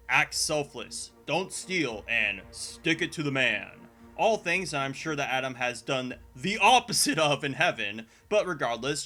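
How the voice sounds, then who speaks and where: A man delivering scripted commentary as a video essayist, sarcastic and profane, with sudden exasperated jumps in pitch. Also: sharp tone. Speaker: video essayist reviewing a show.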